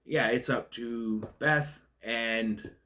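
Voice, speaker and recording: Male film reviewer with a stutter, ranty and nitpicky, mid-pitched, casual vlog delivery. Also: fairly even intonation, extremely slow, sharp tone. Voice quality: stutters, stalls on words. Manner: ranting, nitpicky. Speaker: movie reviewer.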